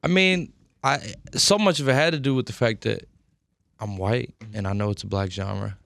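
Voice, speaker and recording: A man's voice: lowish voice, normal speed, gravelly, fairly bright tone, no room sound. A young man in his twenties answering interview questions thoughtfully and earnestly, with many fillers. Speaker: rapper, interview guest. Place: radio studio.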